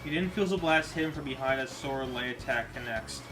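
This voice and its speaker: Man narrating over loud music. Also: mid-range voice, brisk, rough recording. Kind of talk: fan audio drama narration. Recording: music bed under voice.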